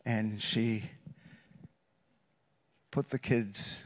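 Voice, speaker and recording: A man preaching a sermon as a guest pastor, telling a story with loud bursts and hushed, quiet passages. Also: medium pitch, moderate pace. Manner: animated, shifts between loud bursts and hushed retelling. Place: church sanctuary.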